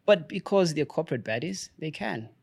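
A man's voice: fairly high pitch, expressive, normal speed, creaky, a little mellow, slightly rough. A man co-hosting a podcast, chatting casually and rambling with lots of slang. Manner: slangy, says bro a lot, rambling. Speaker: podcast co-host.

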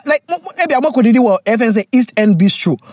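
A podcast host, a woman, reads a listener letter aloud in casual chat. Her pitch swings up and down with every comment, and her blunt, joking manner keeps cutting into the text. The recording is dry and close, with no room sound. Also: lively intonation, a little fast, a little mellow, no echo.

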